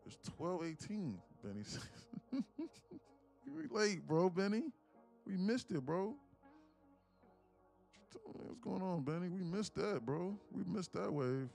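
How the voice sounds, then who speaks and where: Gravelly guy day trading live, super lively pitch, slangy joking banter, faint music behind. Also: slow pace, pauses often. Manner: loose, joking, slangy banter with chat, cursing. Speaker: day trader streaming live. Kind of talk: live trading stream chat.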